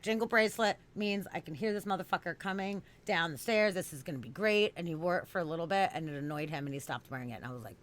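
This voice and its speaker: A young woman hosting a podcast, telling stories in an animated, expressive way, swinging from loud outbursts to low murmurs. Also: quick pace, hardly any pauses. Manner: animated storytelling, swearing, voice swinging from loud to quiet. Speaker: podcast host. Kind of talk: casual podcast chat.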